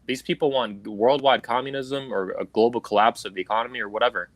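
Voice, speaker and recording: A man's voice: medium pitch, steady tone, fast talker, no echo. A man hosting a livestream, delivering a heated, profane political rant in an angry, emphatic way over a video call. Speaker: livestream host. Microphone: video call stream.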